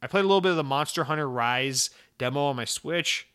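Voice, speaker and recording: A man hosts a casual gaming podcast, chatting about games and news with a bright, forward tone. He talks in an animated way, swears often and breaks into sudden exclamations. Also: on the high side, quick pace, clear, resonant tone. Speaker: podcast host.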